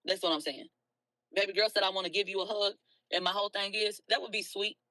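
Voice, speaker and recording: Livestream host, a woman with a bright voice and a dry close sound, speaking in a blunt, profane rant. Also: mid-range voice, steady tone, fast, no room sound, low-quality recording. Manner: blunt, profane, swings from soft to loud. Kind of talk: emotional early-morning livestream rant.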